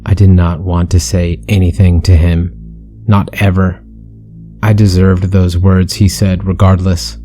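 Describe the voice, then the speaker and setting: A man's voice: low-pitched, little pitch movement, unhurried, dark tone, faint music behind. A man narrating a first-person horror story with an intense, brooding delivery.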